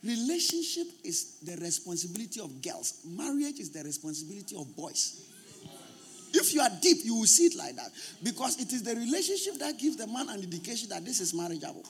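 High-voiced emphatic male pastor preaching. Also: very animated, fairly quick, soft background music. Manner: emphatic, repetitive preaching, at times shouting. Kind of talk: sermon.

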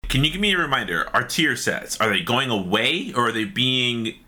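A man's voice: mid-range voice, normal speed. A man co-hosting a casual gaming podcast, talking loosely and swearing, sometimes chewing as he speaks. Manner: animated, swearing, eating while talking. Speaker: podcast co-host.

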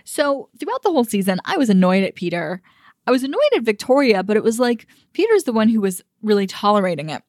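A woman's voice: mid-range voice, sing-song, fast, darkish tone, dry recording. Young female dating coach, outspoken, chatty, mid-range voice, dry close sound. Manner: frank and emphatic, with frequent fillers and mild swearing. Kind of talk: casual opinion commentary.

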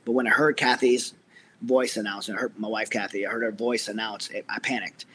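A man's voice: on the low side, steady tone, a little fast, a bit bright, a little hiss or hum. A middle-aged man, a military veteran, earnestly telling his personal story as an interview guest, with many restarts.

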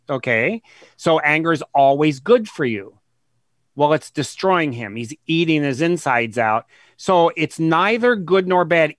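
A man, a guest author, explaining his ideas in an interview, earnest and emphatic, slowing down to stress key words and retelling conversations as examples. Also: fairly high pitch, fairly bright tone, dry recording, clean studio sound.

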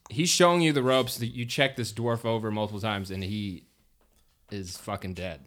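Low-voiced man narrating a tabletop game. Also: steady tone, moderate pace, fairly bright tone. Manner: casual, rambling, with frequent restarts and filler. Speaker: game master.

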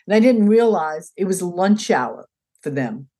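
A woman's voice: on the low side, a little slow, husky. An older woman being interviewed as a guest, telling a story in a casual way and acting out the lines of each person in it. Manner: animated, acts out quoted dialogue in changing voices.

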